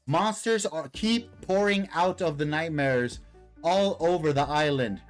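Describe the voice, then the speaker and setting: A man reading a comic aloud voices an eager, boastful male servant of a ruler, slow and formal. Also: a little high, faint music behind, lightly acted.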